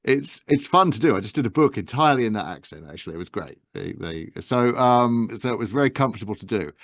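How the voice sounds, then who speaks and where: A man in his fifties from England's Medway Towns with a softened Estuary accent, talking gently and modestly in an interview, with many fillers and restarts. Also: medium pitch, animated, fast, no room sound, studio quality. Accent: softened Estuary English. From England, Medway Towns south of London. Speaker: guest, actor and narrator. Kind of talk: casual interview talk.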